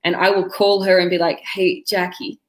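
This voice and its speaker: A woman's voice: fairly low pitch, level tone, fast. A woman, the director, hosting a live Q&A, reading audience questions aloud and answering them. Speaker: director and host.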